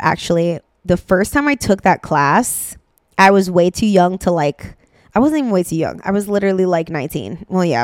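A young adult woman hosting a casual dance podcast, talking in an animated, chatty way with quick asides and fillers. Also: mid-range voice, dry recording, studio quality. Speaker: dance and mindset coach, podcast host.

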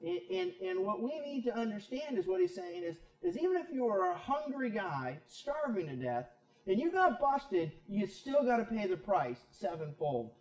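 High-voiced preacher in an echoey room. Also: male voice, big pitch swings, moderate pace, a little mellow. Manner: emphatic, conversational preaching with rhetorical questions. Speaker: pastor. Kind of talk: Bible teaching sermon. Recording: echoey room, distant mic.

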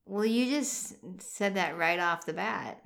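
A middle-aged woman talks in a relaxed, casual way with her daughter. Her pace is slow and deliberate, and she sounds out each tricky word with care. Her voice sits at an ordinary pitch. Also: gravelly. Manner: careful, sounding out words slowly. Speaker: host's mother, guest co-reader. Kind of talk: casual chat.

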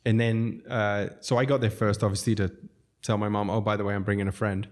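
Speaking fairly quickly in a fairly low, level voice, this South African man, a restaurateur guest, spins long rambling tales. Frequent chuckles and self-interruptions mark his casual storytelling.

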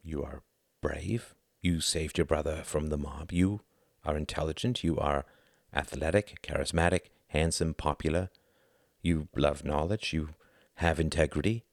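A man voicing an earnest, intense German mentor who speaks in a measured, gentle way. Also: very deep voice, steady tone, dry recording, studio quality, full character voice.

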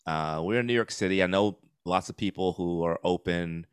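A man's voice: low-pitched, normal speed, clear, resonant tone, dry recording. A man in his forties, a comedian guest chatting candidly and rambling with fillers, laughing easily. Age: 40s. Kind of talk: casual podcast chat. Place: New York City.

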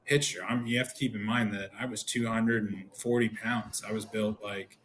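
Low-voiced man telling stories on a podcast. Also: normal speed, a little hiss or hum. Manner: animated, acts out quoted dialogue. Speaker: podcast guest, former pro pitcher. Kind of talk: casual storytelling.

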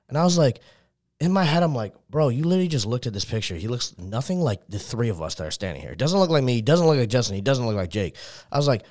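Fast-talking young Texan man telling a story. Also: mid-range voice, animated, darkish tone. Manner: fast rambling anecdote full of fillers and profanity. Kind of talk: casual storytelling chat.

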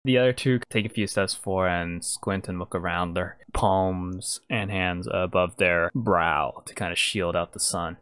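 Man, game master narration, lower voice, dry close sound, relaxed halting delivery. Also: smooth, no echo.

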